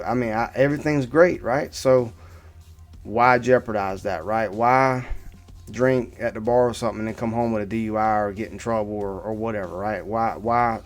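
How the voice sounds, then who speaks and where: Guy in his 30s rambling thru a story to camera, lowish voice, keeps going "right?", faint music under it. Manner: rambling, repeats "right?" and restarts. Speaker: vlogger.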